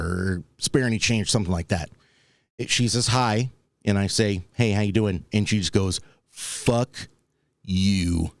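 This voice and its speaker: This talk show host has a fairly low voice, recorded with no echo. He spins a wry, rambling tale for his podcast, impersonating the people he quotes in a casual comedic storytelling style.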